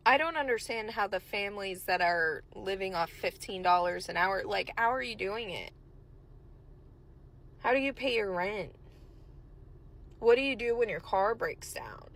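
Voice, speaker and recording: A woman's voice: medium pitch, unhurried, pauses often, fairly bright tone. A woman ranting frustratedly to camera, swearing.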